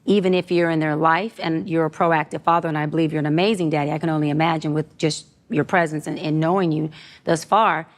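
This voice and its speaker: Woman with a low voice, earnest, encouraging, podcast conversation. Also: fairly even intonation, fast.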